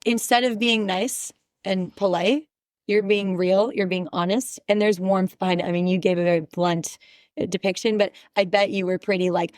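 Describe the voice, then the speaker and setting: This woman speaks as a podcast guest and relationship expert. She is frank and emphatic, pressing her points home in a relaxed, chatty way. Her voice sits at an ordinary pitch and is recorded dry and close. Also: moderate pace, no echo. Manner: candid, emphatic, direct. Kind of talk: casual podcast conversation.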